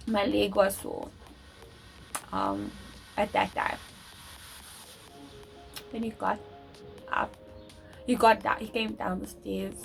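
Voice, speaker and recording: A young woman telling a personal story to camera, talking loud and fast with many restarts. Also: mid-range voice, gravelly, rough recording. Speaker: vlogger.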